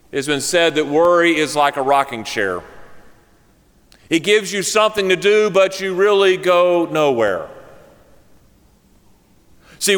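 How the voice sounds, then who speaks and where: A man's voice: sits high, fairly bright tone. A male pastor delivering a sermon, telling a joke story and then speaking earnestly. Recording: long hall reverb.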